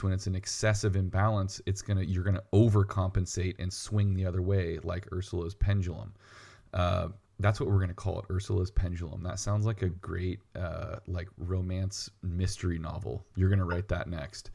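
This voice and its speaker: Low-voiced man explaining lifting technique. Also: little pitch movement, moderate pace, gravelly, dark tone. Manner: explanatory, wry teasing. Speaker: podcast co-host, weightlifting coach. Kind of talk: casual coaching chat.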